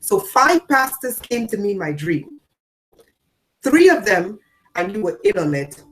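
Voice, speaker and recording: A woman speaking as a spiritual teacher to her followers, her voice sitting in an ordinary middle pitch. She hammers points home by repeating them. She jumps from loud declarations to low, quiet asides. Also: big pitch swings, measured pace. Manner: repeats phrases for emphasis. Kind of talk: spiritual talk to an audience.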